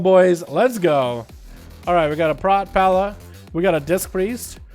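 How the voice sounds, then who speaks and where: A man's voice: on the high side, darkish tone. Laid-back young male game streamer. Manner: laid-back, laughs often, swears casually. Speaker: gaming streamer. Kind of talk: casual gaming livestream commentary.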